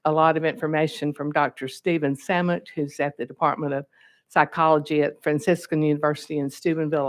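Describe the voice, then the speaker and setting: A legislator with a Southern accent testifies before a committee from the podium, speaking in an ordinary middle register. The delivery is earnest and formal but halting, with frequent fillers and restarted phrases. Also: mid-range voice. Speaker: bill sponsor, legislator. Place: legislative hearing room. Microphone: podium microphone.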